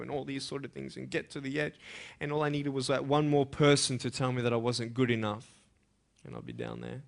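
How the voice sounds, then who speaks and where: A young adult man giving an earnest, emphatic motivational speech to students, moving between hushed and loud passages. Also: mid-range voice, fairly even intonation, a little fast, gravelly. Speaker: motivational speaker.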